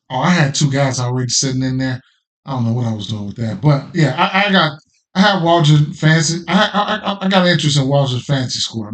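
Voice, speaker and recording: A man hosting a sports betting podcast, talking through his picks in a loose, slangy way, often repeating himself and checking in with "right?". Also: fairly high pitch. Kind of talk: casual betting picks talk.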